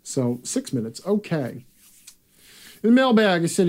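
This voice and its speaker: A man's voice: high voice, sing-song, unhurried, darkish tone. A man hosting a live chat, talking bluntly and casually with profanity and rambling asides. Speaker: host.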